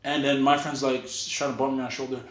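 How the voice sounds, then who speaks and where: Recorded in an echoey room, a man co-hosting a podcast rattles through a story fast in a mid-range voice. His chat is casual and profane, lively, with him performing the quoted lines of others.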